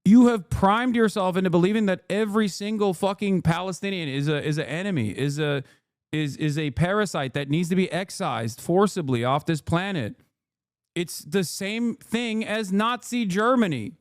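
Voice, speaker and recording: A man with a notably high-pitched voice rants through live-stream commentary, swearing freely and hammering his points. The sound is dry and close, with no room around it. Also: moderate pace, clear, resonant tone, no room sound. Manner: profane, ranting, emphatic. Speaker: streamer reacting to clips.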